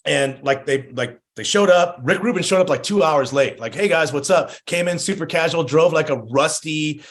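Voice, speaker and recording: A man's voice: fairly high pitch, moderate pace. A man guesting on a podcast, chatting casually, laid-back, swearing freely and acting out the voices of people in his stories. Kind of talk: casual chat.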